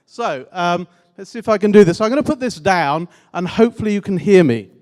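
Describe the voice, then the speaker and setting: A man giving a conference keynote, loudly and playfully coaxing the audience through a laughter exercise. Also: high voice, expressive, fairly quick. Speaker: keynote speaker. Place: conference hall.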